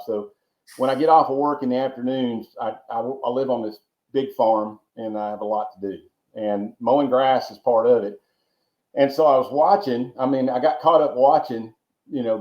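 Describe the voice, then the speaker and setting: Guy from georgia rambling thru stories, stumbles over words, echoey dull audio. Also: medium pitch. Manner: rambling, repeats words, folksy asides. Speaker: podcast guest. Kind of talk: casual storytelling interview. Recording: roomy, dull lo-fi sound.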